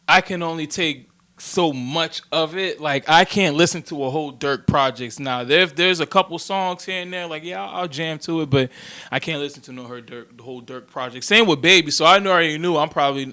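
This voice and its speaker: Young guy guesting on a podcast, kinda higher voice, laid back and slangy. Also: fairly quick, sharp tone, no echo. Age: 20s. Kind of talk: casual chat.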